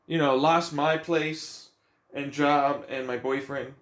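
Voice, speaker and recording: A man's voice: a little high, fairly even intonation, slow pace, fairly bright tone. A young man venting in a profane, agitated, rambling rant about his life. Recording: echoey room.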